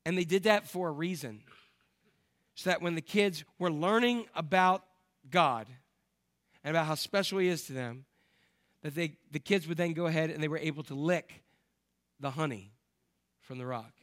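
Animated preaching man, rather high voice. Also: normal speed, pauses often. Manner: animated storytelling, swings between loud emphasis and quiet asides. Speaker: pastor. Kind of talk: sermon.

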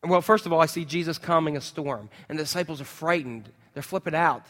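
A man preaching a sermon in a church, conversational and animated, full of rhetorical questions to the congregation. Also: on the high side, brisk, in a large hall. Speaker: pastor. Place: church sanctuary.

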